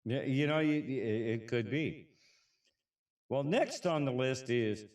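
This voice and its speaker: A man co-hosting a casual podcast, reading a list and chat comments in a relaxed, halting way. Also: medium pitch, distant mic. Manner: relaxed, halting, frequent restarts and laughs. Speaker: podcast co-host.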